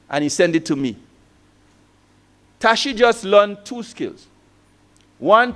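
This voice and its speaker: Conference keynote speaker, man, high voice, tells stories with rhetorical questions. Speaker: keynote speaker, former lecturer. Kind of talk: motivational conference talk.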